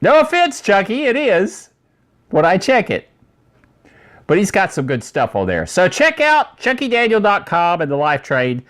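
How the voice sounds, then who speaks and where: A man's voice: sits high, huge pitch swings, moderate pace, a bit bright. A man hosting a casual tech news show, talking in a rambling, chatty way with many asides.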